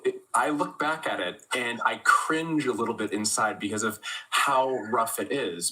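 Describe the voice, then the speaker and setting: Earnest motivational male guest, bright forward tone, mid pitch. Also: low-quality recording. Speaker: guest creator. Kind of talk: livestream interview.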